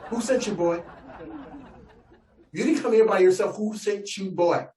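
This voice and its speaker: A man's voice: high voice, measured pace, darkish tone, a faint crowd, pitched above the performer's own voice. A man voicing a bossy, threatening male rancher who is proud of his guns and keeps calling the listener "boy", in a blustering manner. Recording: echoey room, distant mic, faint noise.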